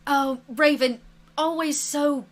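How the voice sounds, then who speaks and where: A woman playing a stern, dryly sarcastic male flight teacher at a witch school, speaking low and quietly in a clipped way. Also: steady tone, takes it slowly.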